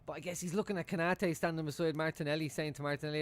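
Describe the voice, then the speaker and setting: A man's voice: on the high side, fairly even intonation, racing. A man chatting casually at home while he watches a football match live for his stream, swearing freely and laughing often. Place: room at home.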